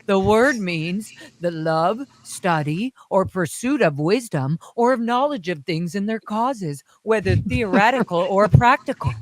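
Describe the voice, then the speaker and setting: A woman doing an impression of a pompous older man who lectures slowly in a put-on English accent. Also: medium pitch, animated, lightly acted, poor audio. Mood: grandiose. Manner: slow, stately recitation.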